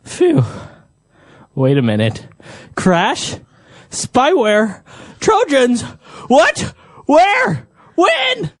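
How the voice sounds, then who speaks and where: A woman voicing a panicked, confused man calling tech support, in high, frantic, stammering bursts. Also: huge pitch swings, extremely slow, pauses often, no room sound, studio quality, heavily acted. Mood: alarmed. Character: panicked adult male caller, flustered and confused. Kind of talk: scripted role-play dialogue.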